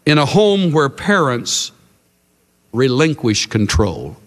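A male preacher delivers an emphatic sermon, his voice rising and falling with lively swings of pitch. His delivery is dramatic, and each phrase trails off into the long reverb of a large hall. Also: slow pace, long pauses. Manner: dramatic and emphatic, with big swings in loudness and pace.

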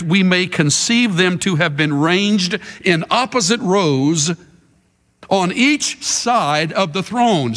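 A man's voice: high voice, fairly bright tone, long reverb tail. A man preaching a sermon with dramatic delivery, leading his congregation to answer back in call-and-response.

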